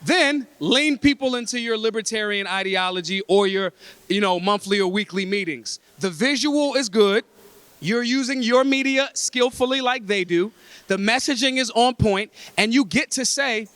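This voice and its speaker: A man's voice: sits high, normal speed, a bit bright, clear, resonant tone, no room sound. A man from Philadelphia addressing a convention breakfast, talking in an emphatic, streetwise, freely swearing way. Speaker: convention speaker. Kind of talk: blunt, profane talk to a room.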